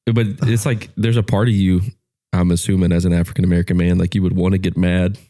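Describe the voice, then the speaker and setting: Deep, mellow-voiced podcast man. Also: little pitch movement, quick pace. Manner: thinks aloud with restarts and hedging. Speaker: podcast co-host. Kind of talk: casual chat.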